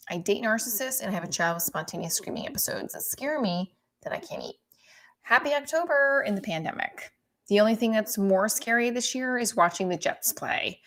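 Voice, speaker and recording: Rambling, self-mocking comedian woman. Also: medium pitch. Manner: rambling, profane, self-deprecating. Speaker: comedian and live-stream host. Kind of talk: casual live-stream chat.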